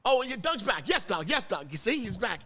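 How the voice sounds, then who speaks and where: A man hosting a casual live podcast from a car dealership, flustered, stumbling over his words and quick to get emotional. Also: high voice, sing-song, a crowd in the background. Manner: stumbling and flustered when nervous; emotional, laughing often. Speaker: podcast host.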